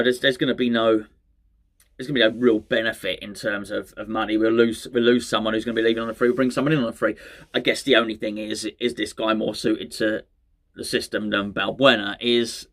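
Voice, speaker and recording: A man's voice: medium pitch, fairly bright tone. A man hosting a fan channel, chatting casually on his own about transfer rumours, with rambling, self-mocking asides and plenty of restarts. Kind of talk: casual solo football chat.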